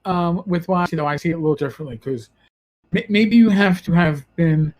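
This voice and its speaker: A man with a New York accent hosts a gaming podcast in casual talk. His voice sits high for a man. He rambles and corrects himself as he goes. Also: brisk, a little mellow, lo-fi sound. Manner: rambling, self-correcting, conversational. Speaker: podcast host.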